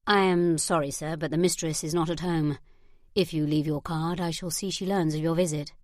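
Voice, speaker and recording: A cautious young groom voiced by a woman narrator answers with stiff politeness. The voice stays low and plain, close to the mic in a dry room. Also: steady tone, moderate pace, a little mellow, dry recording, lightly acted. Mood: wary, courteous. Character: young English groom, wary and protective.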